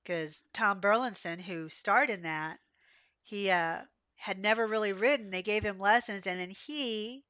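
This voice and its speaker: A woman streaming a game, hoarse and coughing from being sick, chatting and telling rambling stories as she plays. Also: mid-range voice, moderate pace, fairly bright tone, dry recording, lo-fi sound. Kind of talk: casual livestream chat while playing.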